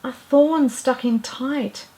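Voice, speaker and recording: Woman doing a high, polite little songbird. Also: takes it slowly, warm tone, poor audio. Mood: gentle. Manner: polite and grateful. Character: gentle female songbird from the seaside.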